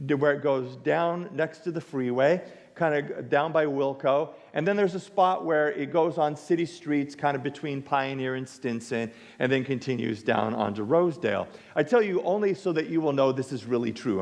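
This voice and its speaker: A male pastor preaching a sermon, telling a story with lively acted-out dialogue. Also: on the high side, vocal fry. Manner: animated storytelling, acts out dialogue. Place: church sanctuary. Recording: reverberant church sanctuary.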